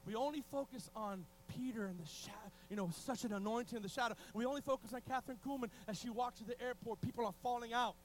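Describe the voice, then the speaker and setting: A man preaching a sermon in a strikingly high voice, excitable and full of restarts. He shifts between loud outbursts and near-whispers. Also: fast, hardly any pauses, a little hiss or hum, low-quality recording. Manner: excitable, restarts often, swings from shouting to hushed.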